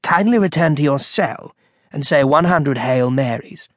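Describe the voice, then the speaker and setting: Dude playing a frosty strict abbot, hissy and cold, dry sound. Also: male voice, on the high side, animated, measured pace, a bit bright, no echo. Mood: icy. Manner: cold, hissing reproach. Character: stern, icy male abbot.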